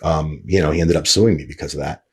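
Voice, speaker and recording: Guy with a real low husky voice, rambling story, lots of likes and swearing. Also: fast. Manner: rambling, heavy fillers and restarts, swears. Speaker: podcast host. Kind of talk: casual storytelling.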